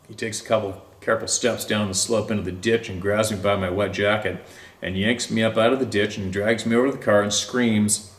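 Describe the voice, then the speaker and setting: A man reading a first-person encounter story aloud in a slow, deliberate way with drawn-out pauses. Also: lowish voice, steady tone, roomy sound. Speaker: story narrator.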